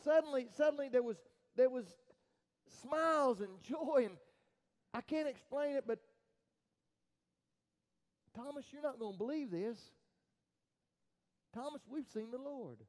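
High-voiced preacher swinging loud to hushed. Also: male voice, rough recording. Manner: halting repeated restarts. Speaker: pastor. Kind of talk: sermon.

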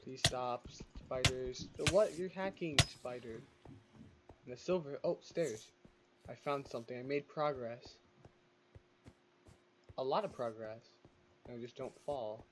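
A man's voice: medium pitch, slow pace, long pauses, a bit bright. A man giving casual gameplay commentary, chatty, talking back to the game's creatures and laughing now and then. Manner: chatty, talks to the game's mobs, exclaims and laughs.

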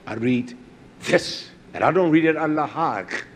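A man preaching a sermon, emphatic, swinging between low asides and loud raised emphasis. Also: lively intonation, unhurried, a little hiss or hum.

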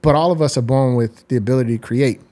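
A man's voice: mid-range voice, quick pace, warm tone. A man in his forties, a guest designer, explaining his views at length in an interview. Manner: articulate, explains ideas at length. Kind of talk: reflective interview talk.

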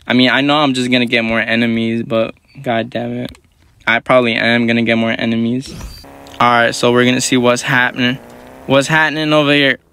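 A young man giving live gameplay commentary in quick, slangy, profane banter as a gaming YouTuber. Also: medium pitch, flat delivery, sharp tone, clean tone.

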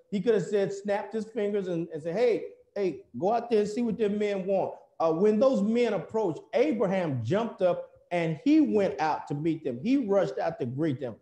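An American man preaching a sermon in a church, telling the story in a folksy, animated way with many fillers. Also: high voice, reverberant. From United States.

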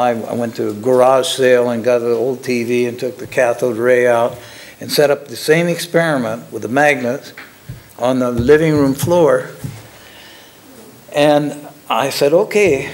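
Speaking in a medium pitch, a former lab technician, now an older man, recounts his story. His delivery is relaxed but halting, punctuated by frequent chuckles.

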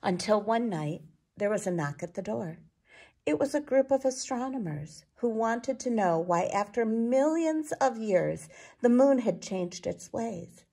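A woman reading a children's picture book aloud, expressive and unhurried. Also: fairly high pitch, breathy edge. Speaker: children's storyteller.

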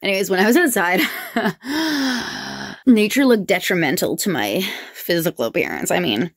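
A woman's voice: lowish voice, lively intonation, no echo. A woman chatting casually to camera in a vlog, joking about herself and laughing easily. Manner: chatty, self-mocking, quick to laugh. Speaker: vlogger.

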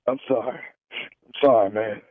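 A man's voice: on the low side, steady tone, moderate pace, a crowd in the background. A man making a radio prank phone call, talking in a pushy, overwrought pleading way. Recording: tinny phone line.

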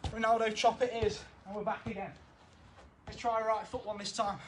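Counting down each set between breaths, a young man runs football drills in his garden, staying upbeat and encouraging. His voice sits high, his tone is steady, and he talks a little fast over a faint hiss or hum.

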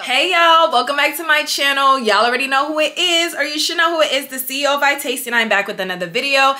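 A woman's voice: high-pitched, fast talker, hardly any pauses, sharp tone. A young woman vlogging to her viewers, emphatic and repetitive, calling them y'all as she urges them on. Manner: emphatic, repeats herself, addresses viewers as y'all. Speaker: vlogger, business owner. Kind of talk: motivational vlog talk.

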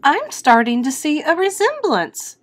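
A woman's voice: sits high, sing-song, unhurried, pitched above the performer's own voice. A woman voicing a proud, doting monster mother in a storybook, with a sing-song, dramatic delivery.

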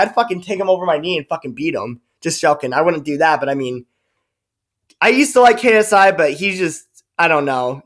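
A man, a YouTuber, ranting in a vlog, cursing and sarcastic, rambling with restarts. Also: fairly high pitch. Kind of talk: profane angry rant vlog.

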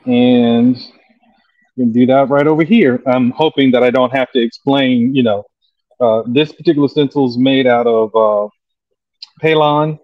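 Easygoing airbrush artist, muffled dry sound. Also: male voice, medium pitch, fairly even intonation, no room sound. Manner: slow, easygoing, lots of ums. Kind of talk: demonstrating while explaining.

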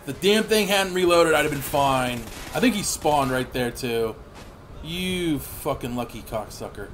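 A man in his thirties rambles through live gameplay commentary, swearing freely and bursting into excited yells. His voice sits a little high for a man. A faint hiss of noise runs under the recording. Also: moderate pace. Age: 30s. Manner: rambling, profane, excitable outbursts. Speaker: gaming channel host.

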